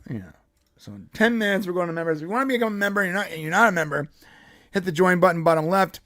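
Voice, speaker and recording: Blunt high-voiced man hosting a podcast. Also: very fast, no room sound, clean studio sound. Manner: blunt, profane, animated storytelling with put-on quoted voices. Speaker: podcast host. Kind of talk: casual political chat.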